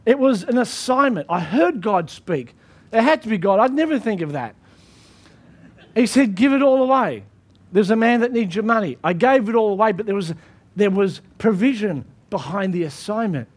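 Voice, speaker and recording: A man's voice: high-pitched, expressive, moderate pace. A man pastor preaching a sermon in an emphatic style, often repeating his phrases.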